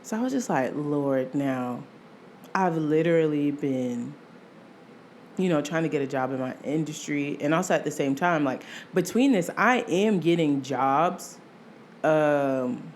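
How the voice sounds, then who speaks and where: Young woman podcast host, lower-pitched voice, animated solo storytelling, laughs often, soft faint hiss behind. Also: takes it slowly, pauses often.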